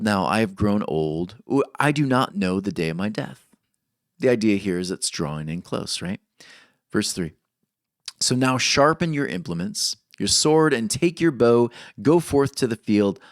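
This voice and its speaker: A man's voice: fairly low pitch, no room sound, clean studio sound. A man preaching a sermon, reading scripture aloud expressively and stopping to comment on it. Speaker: pastor.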